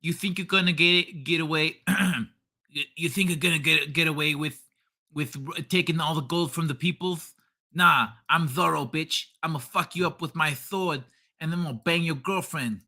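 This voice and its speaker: Swaggering swordsman, a man doing the voice, cocky and crude, with a bright, sharp tone. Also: on the high side, normal speed, voice pushed up, heavily acted. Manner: cocky, crude tough-guy talk. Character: brash swaggering male swordsman.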